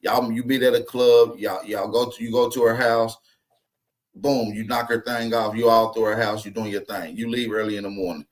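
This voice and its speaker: A man's voice: lowish voice, level tone, normal speed. A man explaining things in street slang. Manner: explains at length in street slang, keeps checking in with listeners. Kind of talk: casual panel talk.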